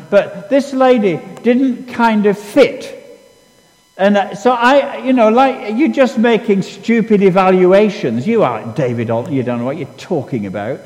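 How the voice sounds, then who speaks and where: A man's voice: high-pitched, darkish tone, big-room sound, low-quality recording. A man preaching a sermon, telling stories in a conversational, self-deprecating way with many restarts. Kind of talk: sermon with storytelling.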